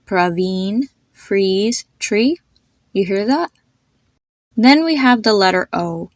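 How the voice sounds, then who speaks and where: A woman hosting a pronunciation lesson, demonstrating sounds slowly and repeating them for the listener. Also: medium pitch, no echo. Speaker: host teaching pronunciation.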